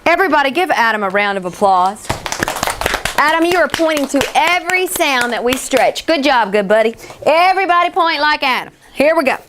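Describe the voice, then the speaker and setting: A woman teacher leading a classroom phonics lesson, encouraging and stretching sounds out slowly. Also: high-pitched, expressive, fairly bright tone, slight background noise.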